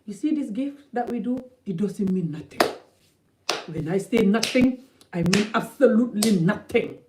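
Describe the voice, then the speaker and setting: A woman's voice: mid-range voice, expressive, moderate pace, heavy background noise. A woman from Africa giving blunt, emphatic opinion commentary in a vlog, repeating points for stress. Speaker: vlogger.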